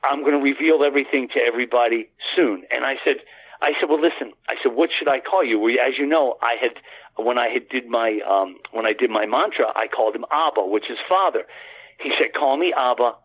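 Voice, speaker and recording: A man's voice: medium pitch, a little fast, a bit bright, breathy edge, poor audio. A man guest on a radio show, telling a long story in a rambling way with many restarts. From United States. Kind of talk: casual storytelling.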